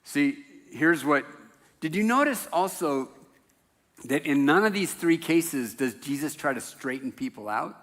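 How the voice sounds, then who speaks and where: A man's voice: on the high side, animated, a little slow, a bit bright, big-room sound. A man preaching a sermon in a church, talking in a loose, conversational way with self-deprecating jokes. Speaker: pastor. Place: church sanctuary.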